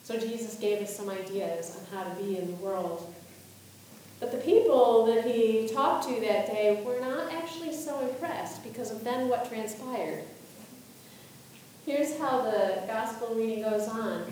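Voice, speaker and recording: A woman's voice: fairly high pitch, a little slow, warm tone, a little hiss or hum. A woman pastor giving a sermon, asking reflective questions and reading scripture aloud. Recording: echoey room, voice from a distance.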